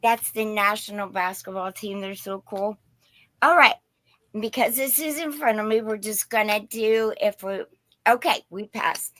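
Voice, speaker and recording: A woman with a Southern Indiana accent tinged with Pennsylvania hosts a live-stream glass sale, chatting in a folksy, rambling way. Her bright voice moves at an unhurried pace. The sound is close and dry. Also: mid-range voice, dry recording. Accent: Southern Indiana, mixed with Pennsylvania. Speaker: host selling vintage glass. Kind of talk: casual live-stream sales chat.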